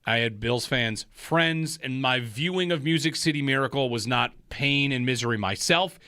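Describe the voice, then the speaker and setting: A man hosting sports talk radio in a jokey, animated way, talking into a studio microphone. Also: mid-range voice, dry recording. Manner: animated, jokey, quick to laugh.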